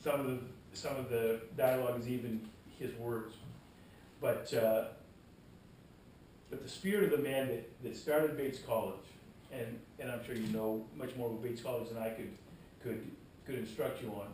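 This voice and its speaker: A man's voice: steady tone, moderate pace, a little mellow. Man giving a rambling talk in an echoey room. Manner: rambling, repeats words, folksy asides. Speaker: guest speaker at a historical society. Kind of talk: informal public talk. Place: meeting room. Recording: echoey room, mic far off, faint rumble.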